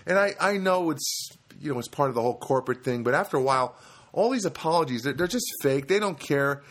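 A man's voice: a little high, expressive, quick pace, a bit bright. A man telling a humorous personal anecdote in a rambling, self-deprecating, grumbling way. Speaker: storyteller.

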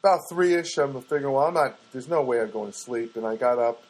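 Husky man telling a rambling story. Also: brisk, a little mellow, low-quality recording. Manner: rambling, self-mocking, mimics others in a high voice. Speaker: podcast host and stand-up comic. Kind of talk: casual storytelling monologue. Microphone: podcast microphone.

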